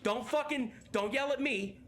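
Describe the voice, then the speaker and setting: A man's voice: very high-pitched, moderate pace, background noise, pitched above the performer's own voice. A man voicing an angry armed woman who snaps and curses in a tabletop game. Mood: defiant. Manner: snapping, cursing. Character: angry armed woman, defiant and foul-mouthed.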